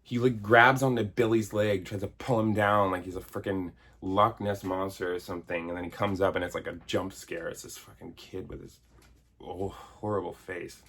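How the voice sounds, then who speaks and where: A man's voice: low-pitched, little pitch movement, moderate pace, vocal fry, fairly bright tone, husky. A man in his thirties giving a sarcastic, exasperated comedic film review, swearing casually. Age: 30s. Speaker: video essayist reviewing a film. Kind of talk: comedic movie review rant.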